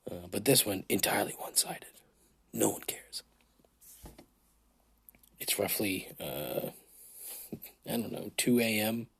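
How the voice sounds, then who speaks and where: A man's voice: fairly low pitch, a bit bright, slightly rough. A man hosting a casual solo podcast, rambling and swearing with self-mocking humor, his throat dry, recorded on a phone in a large hotel room. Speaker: podcast host.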